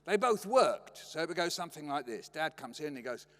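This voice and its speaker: An older British man spins humorous family anecdotes, his pitch swinging in a lively way. His voice sits slightly high for a man. The long reverb of a lecture hall trails after his words. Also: fairly quick. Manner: playful, acts out family voices. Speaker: guest lecturer.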